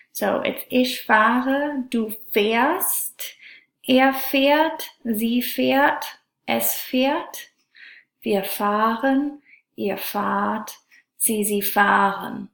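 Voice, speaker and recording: Slow, gravelly-voiced woman teaching German grammar. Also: medium pitch. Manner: slow, careful, drawn-out pronunciation of examples. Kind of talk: classroom grammar lesson. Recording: echoey room.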